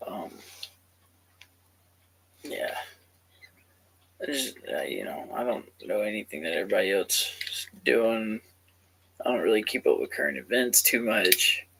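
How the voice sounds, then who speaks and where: A man's voice: lowish voice, lively intonation, measured pace, vocal fry, long pauses, bright, forceful tone, slight background noise, poor audio. A man in his thirties talking casually to camera as a gaming vlogger, rambling and swearing freely. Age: 30s. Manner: profane, rambling, laid-back.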